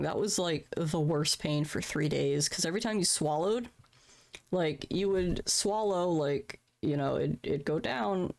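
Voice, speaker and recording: Candid, profane woman streamer, low voice. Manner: candid, profane, laughs at her own troubles. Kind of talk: casual live-stream chat.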